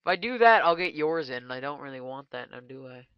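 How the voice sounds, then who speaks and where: A man giving casual gameplay commentary, joking crudely and trash-talking with sudden excited outbursts. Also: mid-range voice, quick pace, clear, resonant tone, no room sound, lo-fi sound. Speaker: gaming channel host.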